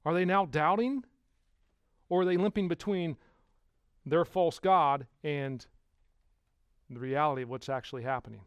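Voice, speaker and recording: A man preaching a sermon as pastor, putting rhetorical questions to the congregation and swinging from hushed to loud. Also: on the high side, normal speed, long pauses, smooth, no room sound, lo-fi sound.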